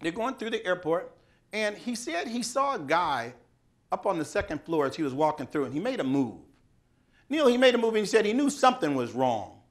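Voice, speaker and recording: A man giving a speech, telling a story in an animated, dramatic way. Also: high-pitched, fairly quick. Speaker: speaker.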